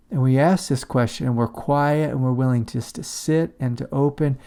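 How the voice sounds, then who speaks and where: A man giving a calm, reflective spiritual talk as a teacher. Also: medium pitch, moderate pace, creaky, hardly any pauses. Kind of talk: satsang talk on shadow work.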